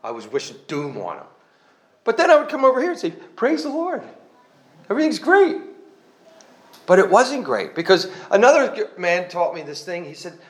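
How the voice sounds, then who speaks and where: Man, slightly higher voice, telling his own testimony in church; earnest, conversational, self-deprecating, rambles a bit. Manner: rambling, with restarts. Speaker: church member giving a testimony. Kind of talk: personal testimony to a congregation.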